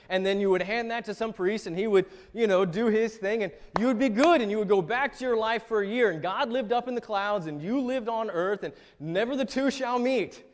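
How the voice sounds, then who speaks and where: A male pastor with a notably high voice delivers a sermon in a loose, joking, conversational manner. His words ring out with a long reverb from the church around him. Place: church sanctuary.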